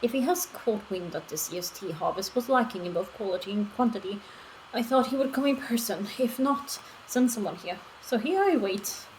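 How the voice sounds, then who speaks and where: A woman's voice: mid-range voice, animated, moderate pace, a little mellow, a little hiss or hum, close to an everyday voice, poor audio. A woman voicing an earnest male tea merchant villager, speaking in formal, old-fashioned phrasing.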